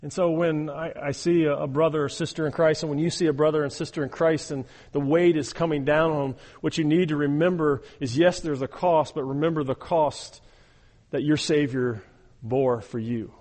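A man's voice: a little high, steady tone, moderate pace, a little mellow, long reverb tail. A man preaching a sermon as a pastor, talking earnestly, often restarting sentences and checking in with "okay" and "all right". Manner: earnest, repeats words when starting sentences, frequent okay and all right.

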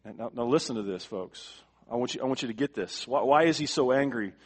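A male pastor delivering a sermon, emphatic, repeating words for stress and swinging from quiet to forceful. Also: mid-range voice, fast, breathy edge.

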